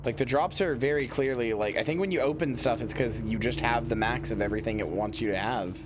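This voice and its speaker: A man's voice: mid-range voice, a little fast, background noise. A tired man streaming a game late at night, talking casually in a rambling, playful way with lots of restarts. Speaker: livestreamer. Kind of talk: casual gameplay commentary.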